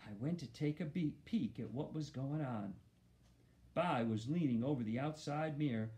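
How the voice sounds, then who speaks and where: Guy reading a kids book aloud, bouncy up and down voice, fairly high. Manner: expressive first-person storytelling. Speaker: audiobook narrator. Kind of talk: storybook narration.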